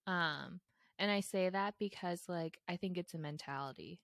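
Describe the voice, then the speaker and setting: Young woman musing in a low, dry voice. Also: normal speed, creaky, a bit bright, no echo. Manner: reflective, lots of fillers, laughs easily. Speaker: podcast co-host. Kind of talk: casual chat.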